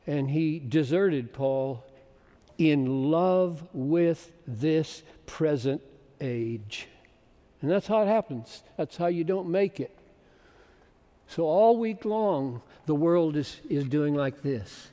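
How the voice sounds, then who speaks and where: A man in his seventies preaching a sermon with passion, building to loud, emphatic peaks. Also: a little high, animated, takes it slowly. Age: 70s. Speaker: pastor. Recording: long hall reverb.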